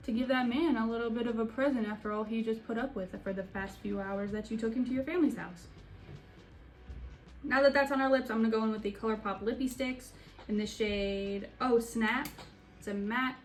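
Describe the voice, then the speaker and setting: A young woman narrating a makeup tutorial in a casual, sassy way, with joking asides. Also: a little high. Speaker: beauty vlogger.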